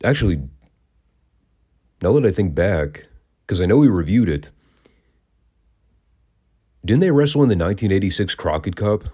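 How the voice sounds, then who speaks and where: Low, mellow-voiced man reviewing wrestling. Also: sing-song, normal speed, long pauses. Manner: wry, sarcastic, conversational. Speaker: wrestling podcast host. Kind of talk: casual review commentary.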